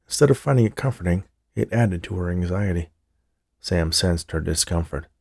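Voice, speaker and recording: A man reading a novel aloud as an audiobook narrator, in a steady, measured way. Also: low-pitched, vocal fry, dry recording, studio quality. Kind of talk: scripted narration.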